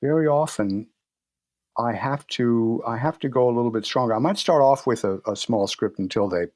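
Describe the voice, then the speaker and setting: A man guest in a conversational interview, telling stories in a relaxed way and acting out his patients' lines. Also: medium pitch, normal speed, no echo, studio quality. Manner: relaxed storytelling, acts out patient dialogue. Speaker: guest practitioner.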